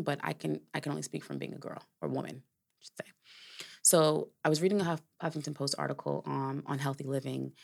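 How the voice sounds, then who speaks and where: A woman's voice: low-pitched, vocal fry. A woman hosting a podcast, telling a personal story in a candid, reflective way, with casual swearing and filler words. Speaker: podcast host.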